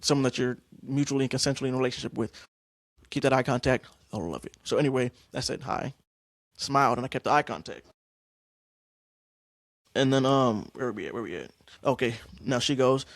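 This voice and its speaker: A young man hosting a podcast, casually telling stories about acting class, slangy and animated. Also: medium pitch, normal speed, long pauses, no echo, clean studio sound. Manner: animated, acts out scene lines, slangy. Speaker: podcast host.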